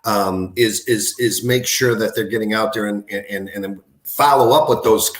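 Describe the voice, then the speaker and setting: Low-voiced man in an echoey room. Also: steady tone. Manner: halting, repeats words. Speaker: podcast guest. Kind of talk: casual interview.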